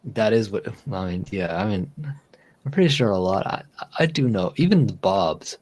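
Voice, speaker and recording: Low-voiced man rambling on a livestream. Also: big pitch swings, normal speed, darkish tone. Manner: rambling, laughs easily, repeats words. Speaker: livestream host. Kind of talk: casual chat.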